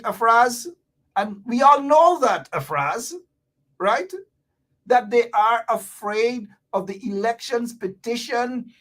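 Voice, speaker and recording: A woman with a Guyanese accent, talking to viewers in a livestream about politics and playfully teaching local Creole phrases. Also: medium pitch. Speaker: political commentator.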